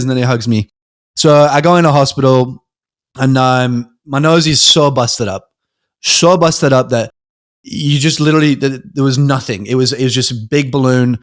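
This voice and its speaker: A man's voice: mid-range voice, normal speed, dry recording. Young British man telling a story, dry sound. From Britain. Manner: animated storyteller, acts out quoted voices, frequent ums and restarts. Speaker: podcast guest. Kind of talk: casual storytelling.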